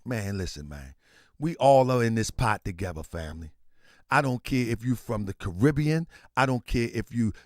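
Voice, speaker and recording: A man's voice: fairly high pitch, no room sound, studio quality. A man hosting his own commentary show, delivering an impassioned monologue with emphatic repetition and strings of rhetorical questions. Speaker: host of a commentary channel.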